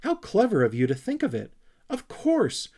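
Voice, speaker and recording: A man voicing an eager, dreamy young male troll creature who talks with excitable enthusiasm. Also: sits high, normal speed, pitched above the performer's own voice, exaggerated voice.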